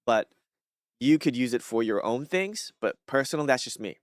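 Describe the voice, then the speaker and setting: A man's voice: mid-range voice, animated, normal speed, dry recording, studio quality. A man chatting casually on a live stream, rambling with many fillers and restarts.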